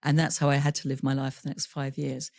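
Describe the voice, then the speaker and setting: A woman's voice: extremely low pitch, completely flat delivery, quick pace, gravelly, a little mellow, no room sound, studio quality. A woman guest on a podcast interview telling a personal story candidly, laughing through painful memories and acting out quoted dialogue. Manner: voices other people in quoted dialogue.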